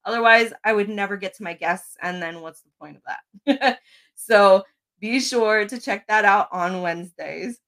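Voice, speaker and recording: A woman's voice: mid-range voice, a little slow, fairly bright tone. A bubbly woman who laughs easily, hosting a casual podcast on a video call. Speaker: podcast host.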